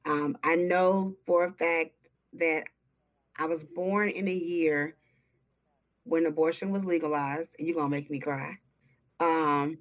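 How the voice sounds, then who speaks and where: A woman in her early forties with a Southern accent from Texas, a guest speaking earnestly and slowly in an interview. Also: sits low, steady tone. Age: early 40s. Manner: earnest, heartfelt, slow and emphatic. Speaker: guest, nonprofit founder. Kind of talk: interview conversation. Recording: dull lo-fi audio.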